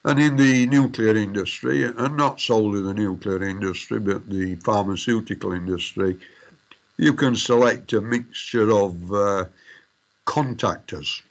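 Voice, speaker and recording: A man's voice: lowish voice, measured pace, highs cut off. A middle-aged man giving a university lecture, formal but hesitant, full of fillers and restarts. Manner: addresses students formally as ladies and gentlemen.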